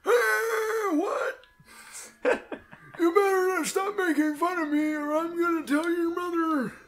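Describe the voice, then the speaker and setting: A man's voice: very high-pitched, steady tone, slow pace, fairly bright tone, voice pushed up, full character voice. A man voicing a cranky, bossy old man with a quavering, whining voice.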